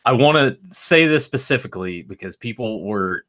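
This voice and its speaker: Bright-voiced halting male co-host. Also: mid-range voice, expressive. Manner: halting, with stammers and many uhs. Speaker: co-host of a toy-collecting live show. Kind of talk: casual live-stream chat.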